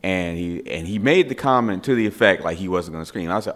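A middle-aged man with a very low, deep voice tells a family anecdote in a relaxed, spoken way. He gets animated and repeats words for effect, like a father recounting a story at home. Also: fairly quick.

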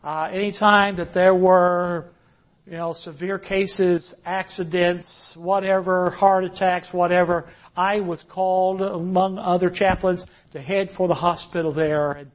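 A man preaching a sermon, earnest, drawing out key phrases slowly. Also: high voice, fairly even intonation. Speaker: pastor. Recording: dull lo-fi recording.

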